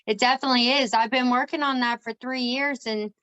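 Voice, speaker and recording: A woman hosting a casual interview chat. She laughs often and agrees with quick short replies. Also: fairly high pitch, fairly even intonation, a bit bright. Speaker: podcast host. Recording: dull lo-fi sound.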